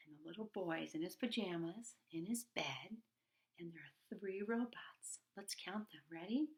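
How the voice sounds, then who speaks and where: Hushed woman reading a bedtime story. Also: lowish voice, normal speed. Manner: hushed, half-whispered storytelling with playful loud bursts. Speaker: children's storybook reader. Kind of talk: bedtime read-aloud for children.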